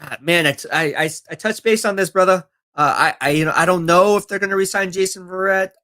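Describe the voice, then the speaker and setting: A man's voice: high-pitched, quick pace, pushed and bright. A man live-streaming football talk, reading viewer comments and answering them in a confident, chatty way. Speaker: sports streamer.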